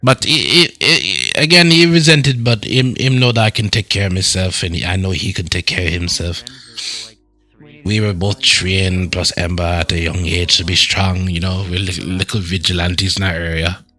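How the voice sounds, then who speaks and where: Casting: man as a tough young street vigilante, Jamaican patois, bright edgy tone, halting delivery. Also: deep voice. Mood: easygoing. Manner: halting, restarts words, chuckles often. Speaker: roleplay character. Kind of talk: in-character roleplay chat.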